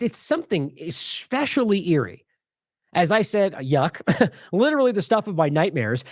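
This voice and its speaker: A man's voice: high-pitched, dry recording, clean studio sound. A man hosting an independent news show, commenting indignantly on clips with sarcastic asides.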